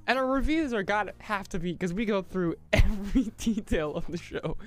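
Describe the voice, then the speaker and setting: A man's voice: sits high, normal speed, soft background music. A young man co-hosting a sitcom review podcast, rambling and giggling through casual chat. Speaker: podcast co-host.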